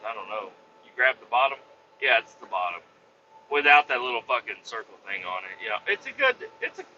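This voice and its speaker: A man with a fairly high, piercingly sharp voice rambles crudely and profanely through a comedy monologue. The recording sounds a little muffled and lo-fi, with a faint hiss of noise behind him. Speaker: comedy podcast host.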